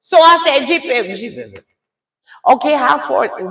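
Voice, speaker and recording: An older woman telling a dramatic story to her viewers in a chatty, animated way. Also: high voice, normal speed, creaky, reverberant. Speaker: live streamer telling a story.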